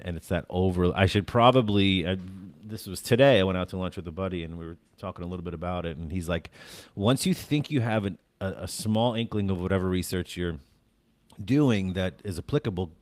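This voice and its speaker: A middle-aged man talking casually, halting with many fillers and restarts. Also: low-pitched, no echo. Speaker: stand-up comedian, podcast guest. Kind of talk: casual conversation.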